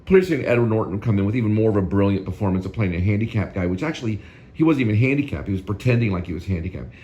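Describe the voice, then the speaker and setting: A man's voice: lowish voice, animated, racing, warm tone, lo-fi sound, slight background noise. A male host giving casual, rambling film commentary that often repeats itself.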